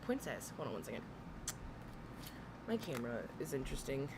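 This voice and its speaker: A woman's voice: extremely low pitch, very animated, brisk, very noisy. A woman in her thirties, a reaction streamer chatting casually with her live viewers, laughing often as she greets them. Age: 30s. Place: home room with air conditioner humming.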